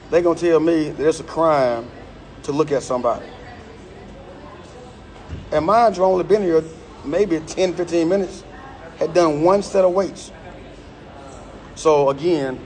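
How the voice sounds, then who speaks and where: Middle-aged guy venting into his phone at the gym, fired up, keeps repeating himself, voice sits a bit high. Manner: angry, emphatic, repeats himself. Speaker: gym member live-streaming a complaint. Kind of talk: heated live-stream rant. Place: indoor gym. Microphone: phone live stream.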